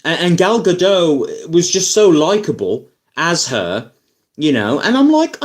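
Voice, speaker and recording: A man ranting casually about films as a YouTuber, rambling and animated, full of fillers and asides. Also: fairly high pitch, a little slow. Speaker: YouTuber film reviewer. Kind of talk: casual opinion rant.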